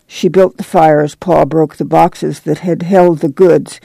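A reader narrating a dramatic audiobook in a steady, measured way. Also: medium pitch, vocal fry, dry recording.

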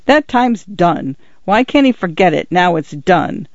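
A man's voice: sits high, big pitch swings, dry recording, dull audio, full character voice. A man voicing a short-tempered rancher father who speaks curtly in a storybook reading. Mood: irritated. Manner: curt, quick to anger. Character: irritable middle-aged male rancher father.

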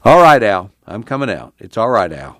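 A man's voice: on the low side, big pitch swings, moderate pace, fairly bright tone, dry recording, pitched above the performer's own voice. A man voicing a weary, plain-spoken farming father in an audiobook reading.

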